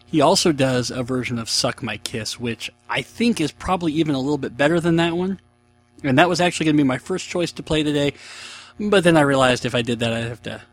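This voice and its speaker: A man in his thirties talks through a casual solo podcast in a mid-pitched voice. He rambles from one aside to the next and pokes fun at his own laziness. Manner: rambling, self-mocking, chatty. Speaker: podcast host.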